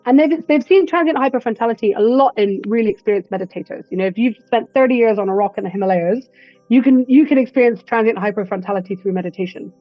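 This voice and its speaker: A woman breathwork instructor speaking as a guest in a casual interview, telling stories in an animated way and acting out quotes. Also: on the high side, fast talker, no room sound, soft background music. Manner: animated storyteller who acts out quotes. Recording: dull lo-fi dry recording.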